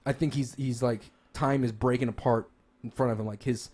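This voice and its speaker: A man's voice: mid-range voice, steady tone, moderate pace, a little mellow. A man co-hosting a podcast, chatting casually and enthusiastically, rambling with lots of restarts and fillers. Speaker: podcast co-host. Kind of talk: casual chat about games and movies.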